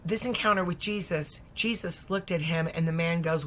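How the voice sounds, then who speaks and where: A woman preacher retelling a Bible story in a lively, conversational sermon, dropping at times into soft whispers. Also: lowish voice, moderate pace, a little hiss or hum. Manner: lively, acts out voices, drops to whispers.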